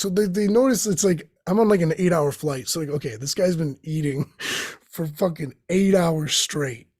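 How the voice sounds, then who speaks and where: A man's voice: a little high, a little mellow, no echo, clean studio sound. A young man hosting his own show, riffing profanely in a rambling comedic monologue that jumps between tangents. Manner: profane, tangent-jumping, acts out quoted voices. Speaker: host.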